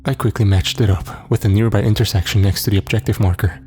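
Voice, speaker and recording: A man with a low, mellow voice tells a first-person horror story in a steady, somber read. Faint music sits under the narration. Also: fast.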